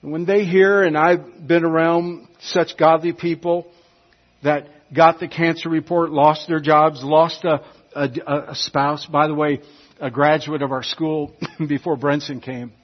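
Husky preacher, emphatic sermon. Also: male voice, a little high, level tone, measured pace. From United States. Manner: emphatic, swinging from hushed to loud. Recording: dull lo-fi recording.

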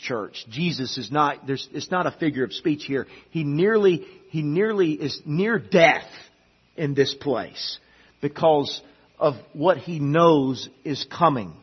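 A man preaching a sermon, swinging from loud emphatic peaks to hushed, quiet passages, with frequent restarts and repeated words. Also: on the high side, animated, measured pace, slightly rough, lo-fi sound.

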